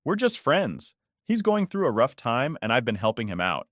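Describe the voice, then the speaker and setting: A man voicing a cornered, defensive and pleading adult wife, raising his pitch with a shaky delivery. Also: wildly swooping pitch, moderate pace, fairly bright tone, no echo, studio quality.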